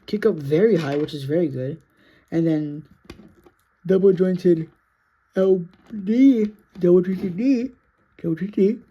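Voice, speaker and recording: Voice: mid-range voice, measured pace, pauses often, warm tone, husky, highs cut off. A sleepy, yawning action figure reviewer talking through a casual toy review in a rambling, self-correcting, apologetic way.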